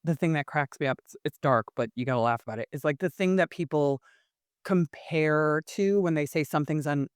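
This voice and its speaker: A woman, an improv teacher and coach, telling a candid personal story as a podcast guest, expressive and quick to laugh. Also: low-pitched, clear, resonant tone, no echo, studio quality. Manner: expressive, laughs often, frequent restarts.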